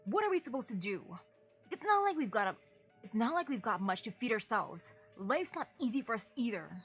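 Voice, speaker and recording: A woman voicing a wary, hostile male village farmer who speaks defensively and gruffly while reading a game's story aloud. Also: a little high, very animated, a little fast, soft background music. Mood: scornful. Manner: defensive and gruff, turning scornful.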